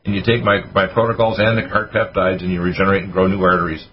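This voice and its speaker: A man hosting a health call-in radio show as a doctor, quickly rattling off lists of supplements and advice. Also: sits low, flat delivery, slight background noise. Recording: muffled radio broadcast with music.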